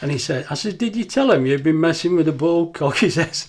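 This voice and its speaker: A man's voice: on the high side, lively intonation, fairly quick, hardly any pauses, darkish tone. An older man, chatting casually in a home kitchen cooking vlog, rambling into laughing anecdotes. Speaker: cooking vlogger.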